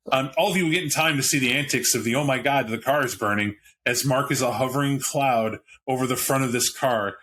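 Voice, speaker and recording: A man narrates a tabletop role-playing session as its storyteller, chuckling as he goes. His tone is bright and forward, and a faint hiss runs under the recording. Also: medium pitch. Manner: lively, chuckling, jumps into character voices. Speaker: storyteller running the game.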